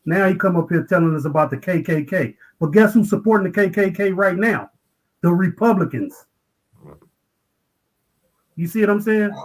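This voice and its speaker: A man's voice: high voice, moderate pace, pauses often. A man arguing in a livestream debate, insistent and repeating his phrases over and over. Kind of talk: heated argument.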